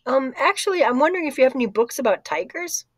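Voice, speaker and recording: A woman's voice: high-pitched, sing-song, fast talker, pitched above the performer's own voice. A woman reading as a shy young girl in an audiobook, hesitant with fillers. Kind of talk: audiobook character voice.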